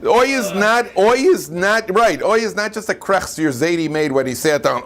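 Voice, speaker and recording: A man, a rabbi, teaching an informal Torah class in a lively way, often asking his students questions. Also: sits high, normal speed, hardly any pauses. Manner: lively, asks the class questions, frequent "right?".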